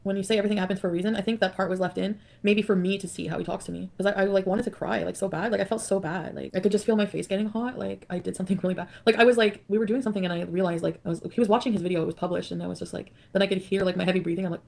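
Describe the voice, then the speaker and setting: A woman's voice: mid-range voice, fairly even intonation, rapid-fire, creaky, a little mellow. A woman vlogger rambling confessionally, full of fillers.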